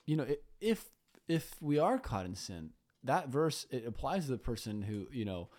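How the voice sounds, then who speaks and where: A man's voice: mid-range voice, sing-song, moderate pace, a little mellow. A man co-hosting a casual Bible discussion podcast, thoughtfully raising questions and quoting scripture. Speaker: podcast co-host.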